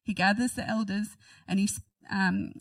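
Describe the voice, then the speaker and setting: A woman's voice: mid-range voice, fairly even intonation, moderate pace, dry recording, recorded from a distance, rough recording. A woman reading a Bible passage aloud and commenting on it in a chatty, giggly way. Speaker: Bible teacher.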